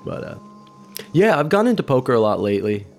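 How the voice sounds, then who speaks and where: A man's voice: medium pitch, very animated, a little fast, darkish tone, soft background music. A man giving casual, rambling commentary while he watches a movie, chatty and a little profane. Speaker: vlogger doing movie watch-along commentary.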